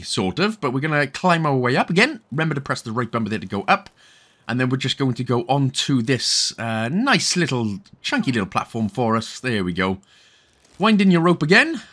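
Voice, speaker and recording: This young man from Wales rambles through a game walkthrough, cracking jokes and correcting himself as he goes. His voice is on the high side and fairly bright.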